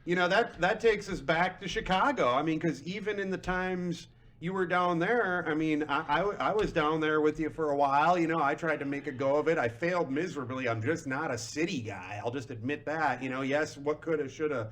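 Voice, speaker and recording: A young adult man hosting a podcast, chatting in an animated, laughing, self-deprecating way. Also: a little high, a little fast, few pauses. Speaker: podcast host. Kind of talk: casual chat.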